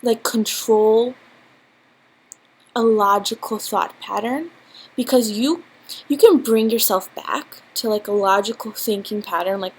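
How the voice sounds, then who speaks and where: Recorded in low quality on a built-in laptop mic, a young vlogger at home shares a storytime, rambling and giggly, full of fillers. Her voice is on the high side, husky and unhurried.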